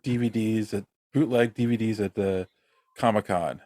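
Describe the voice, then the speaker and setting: A man's voice: lowish voice, steady tone, moderate pace, dark tone, dry recording. A man co-hosting a podcast, casually introducing topics and talking through his take. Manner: conversational, restarts, sets up topics. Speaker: podcast co-host. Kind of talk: casual chat.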